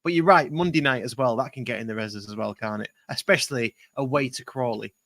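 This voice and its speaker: A man's voice: mid-range voice, fairly quick, a bit bright, no room sound, studio quality. Jokey man hosting. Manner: jokey, laid-back, ends with tag questions. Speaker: podcast host. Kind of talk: casual podcast chat.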